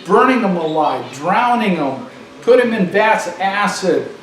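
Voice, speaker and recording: A man's voice: high-pitched, very animated, a little slow, fairly bright tone. A man delivering an emphatic political monologue, repeating phrases for stress, recorded far off in an echoey room with faint noise.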